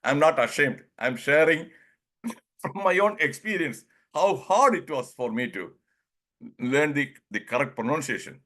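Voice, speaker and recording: This fairly high-pitched, expressive and slightly bright male voice belongs to an Indian presenter speaking Indian English. He hosts a casual online group session on pronunciation, stretching words slowly, chuckling often and performing mini dialogues.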